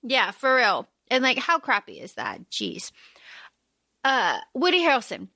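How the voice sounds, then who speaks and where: A woman's voice: fairly high pitch, measured pace, creaky, no room sound, studio quality. A young woman co-hosting a podcast, chatting casually and animatedly about a movie, acting out lines from it. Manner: animated, laughing, acts out quotes. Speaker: podcast co-host. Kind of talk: casual chat recapping a movie.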